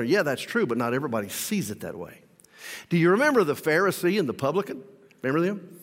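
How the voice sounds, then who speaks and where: A male pastor delivers an emphatic sermon, his voice sitting a little high and ringing bright. He swings between loud declarations and soft asides, and the sound carries a long hall echo. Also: sing-song, fast talker.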